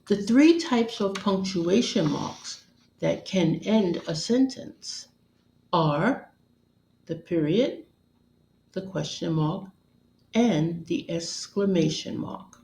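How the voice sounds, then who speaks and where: A woman narrating a scripted grammar lesson as a teacher, in a measured, deliberate, instructional way. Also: lowish voice, gravelly, darkish tone, slight background noise. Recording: roomy echo.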